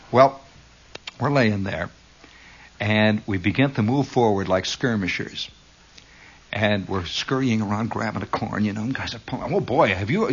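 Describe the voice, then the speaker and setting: A man telling a rambling, humorous story from his youth, with frequent asides and acted-out shouts. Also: mid-range voice, husky, muffled recording. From Indiana. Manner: animated, rambling, shouts and laughs for effect.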